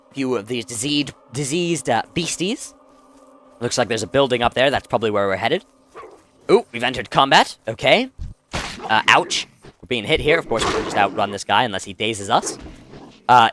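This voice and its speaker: Man, let's play host, casual game commentary, rambling, bright voice. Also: medium pitch, a little hiss or hum. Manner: chatty and rambling, with frequent self-corrections.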